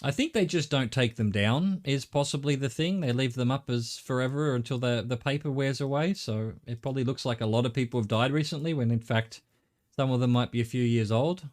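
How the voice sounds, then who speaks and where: A man's voice: mid-range voice, a little fast. A middle-aged Australian man streaming a game, thinking aloud in a rambling way and swearing casually. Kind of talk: live gameplay commentary.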